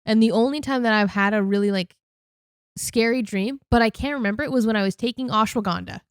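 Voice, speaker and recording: A woman co-hosting a podcast, relaxed and laughing easily, with casual swearing. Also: fairly high pitch, quick pace, clear, resonant tone, no room sound, studio quality. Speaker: podcast co-host.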